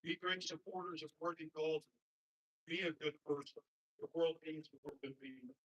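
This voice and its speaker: This is a basketball coach's sincere commencement address, complete with a story and repeated straightforward advice for the graduates. He talks at a normal pace in a slightly high, steady, somewhat bright voice. The recording is muffled, the husky sound coming from a distance.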